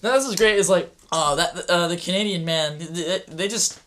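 A young man co-hosting a podcast, goofing around with quick asides and impressions. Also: sits high, sharp tone. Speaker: podcast co-host. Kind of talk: casual joking chat.

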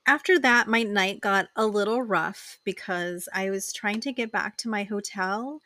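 A woman's voice: medium pitch, a bit bright, dry recording. A woman in her thirties hosting a podcast, chatting enthusiastically to her listeners about a trip. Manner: chatty and enthusiastic, addresses listeners as "you guys". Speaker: podcast host. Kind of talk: casual solo podcast recap.

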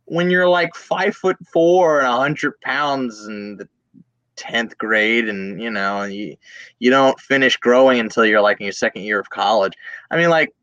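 A man's voice: mid-range voice, unhurried, a bit bright, no room sound, highs cut off. A young man, an actor from Virginia Beach, chatting casually as an interview guest, with many fillers and restarts. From Virginia Beach, USA.

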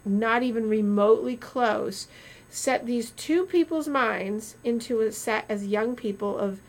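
A woman's voice: a little high, a little slow. A woman doctor chatting casually on a podcast, telling stories animatedly with metaphors and restarts. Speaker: doctor co-host.

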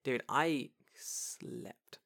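A man from England with a London accent, casually telling travel stories and acting out the people in them. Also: drawn-out words. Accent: London English. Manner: animated, acts out dialogue, swears freely. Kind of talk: casual storytelling chat.

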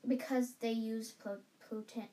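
A woman with a fairly high voice chats casually as a podcast co-host. She talks in a playful, halting way, stumbling over words as she goes. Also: fairly even intonation, warm tone. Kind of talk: casual chat about a film.

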